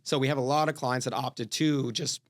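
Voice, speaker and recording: A man's voice: medium pitch, steady tone, normal speed. A man on a casual studio panel, speaking steadily and repeating key points. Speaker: guest real estate agent.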